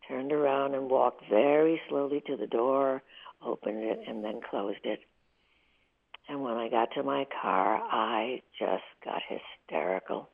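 An older woman in her eighties, the guest in a candid interview, tells emotional stories vividly. Her low voice has a gravelly edge and comes through a thin, tinny phone line.

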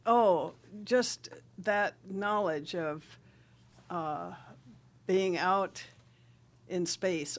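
An older woman from South Dakota speaks as a guest writer and rancher. She tells her stories in a lively way, laughing often and breaking into recited verse. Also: on the low side, extremely slow, long pauses. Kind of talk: radio interview storytelling.

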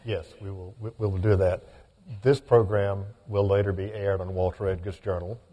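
A male radio host with a low, dark, mellow voice asks courteous, measured questions. His voice carries a long reverberant tail. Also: level tone. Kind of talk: radio interview.

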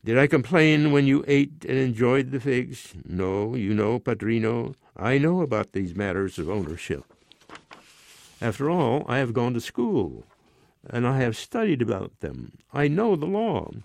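A man's voice: medium pitch, big pitch swings, measured pace, vocal fry, a little mellow, no echo. A self-important retired lieutenant who lectures his neighbor with a lordly air, voiced by a man in his nineties reading his own story. The voice sits somewhat above the reader's own, with a dry close sound. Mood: lecturing. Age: 90s. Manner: condescending, lecturing. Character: pompous self-important male ex-cavalry lieutenant.

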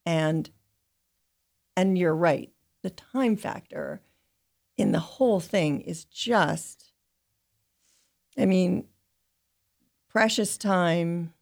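An older woman reading from her own writing and answering questions, slow, measured and thoughtful. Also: fairly low pitch, vocal fry, darkish tone. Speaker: guest reading from her memoir. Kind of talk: reflective reading and interview answers.

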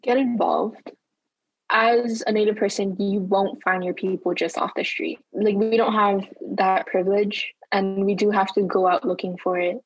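A woman's voice: medium pitch, fairly even intonation, lo-fi sound. A young woman from Hawaii with a Hawaiian accent, a university student talking candidly in a casual interview and laughing easily. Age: young adult. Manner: chatty and candid, laughs easily, quick bursts.

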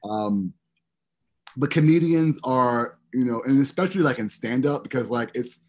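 A man hosting a podcast in casual chat, with a slight lisp from dental expanders and a halting, rambling way of asking questions. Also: mid-range voice, animated, a little hiss or hum. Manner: rambling, halting with many restarts. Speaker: podcast host.

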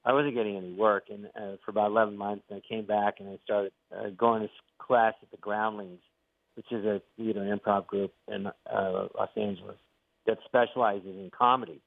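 A man's voice: fairly low pitch, fairly quick, vocal fry, no echo. A middle-aged male actor and comedian, a guest telling stories in a casual interview, acting out the quotes. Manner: animated storyteller, acts out quotes. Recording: tinny phone line, dry.

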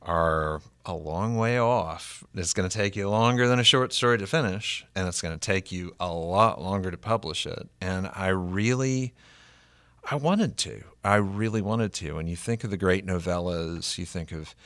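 A male author reading his own novella aloud and talking about writing it, with a measured, deliberate delivery. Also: deep voice, fairly bright tone, no room sound.

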